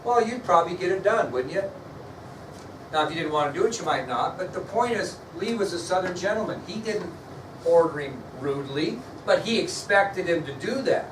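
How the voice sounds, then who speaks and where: High-voiced male teacher in an echoey classroom. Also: lively intonation, noisy background. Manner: questions students, spells words out slowly. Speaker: history teacher. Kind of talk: classroom lecture. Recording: echoey classroom, mic far off, faint ambience.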